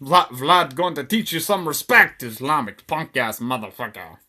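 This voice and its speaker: A man voicing a cruel male tyrant who runs a store, in a loud, mocking, put-on Romanian accent. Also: on the high side, lively intonation, normal speed, heavily acted. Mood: sneering menace. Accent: attempted Romanian accent.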